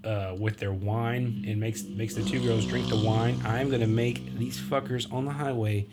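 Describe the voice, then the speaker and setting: Loud music plays behind this podcast host's fairly low, fairly even voice as he moves at a moderate pace. He retells a film's story in a loose, rambling way, full of fillers and restarts, acting out lines as he goes.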